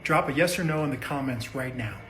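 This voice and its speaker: A man's voice: medium pitch, brisk, a bit bright, soft background music. Man posing promo questions in a clip. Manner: promotional, asking and answering his own questions. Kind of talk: clip voice-over.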